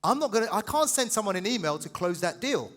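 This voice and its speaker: A man giving a passionate, fast sales seminar and quizzing the audience. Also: high-pitched, big pitch swings, a bit bright. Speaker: sales trainer speaking at a seminar. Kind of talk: live motivational seminar talk.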